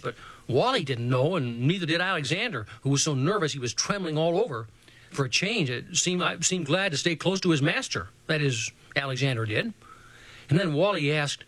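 Male storybook narrator, high voice, dry close sound, suspenseful pacing. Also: lively intonation, a bit bright, no echo, rough recording. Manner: first-person, suspenseful, slowing on key moments. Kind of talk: storybook reading.

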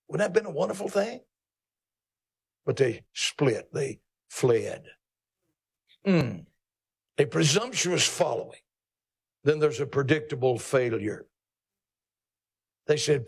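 A male pastor preaching a sermon in an emphatic, folksy, teasing manner, jumping his pitch up for emphasis. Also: animated, a little slow, creaky, long pauses, husky.

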